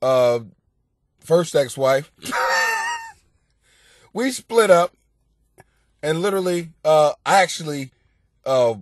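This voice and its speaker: Loud, profane comic man, lively high voice. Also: slow, pauses often, no echo. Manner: profane, rowdy, laughs loudly. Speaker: podcast host giving advice. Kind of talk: comedic advice podcast.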